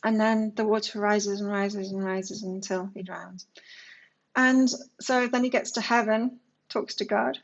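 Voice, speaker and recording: A woman's voice: mid-range voice, fairly even intonation, a little slow, lo-fi sound. A woman giving a casual, chatty tarot reading to camera, musing aloud and telling stories. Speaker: tarot reader.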